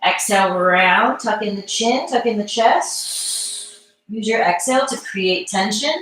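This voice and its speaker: A woman coaches a movement class in a calm, guiding tone, talking people through inhales and exhales. Her voice sits at a middle pitch. She is recorded from a distance in a very echoey room. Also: a little slow, a little hiss or hum. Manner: calm, guiding breath cues. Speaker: mobility instructor. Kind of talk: live online movement class. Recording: echoey room, mic far off.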